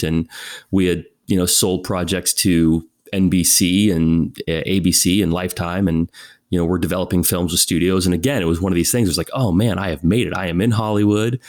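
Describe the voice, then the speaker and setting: A man, telling his career story in a casual interview and acting out quoted voices. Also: deep voice. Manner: animated, acts out quoted voices. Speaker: guest.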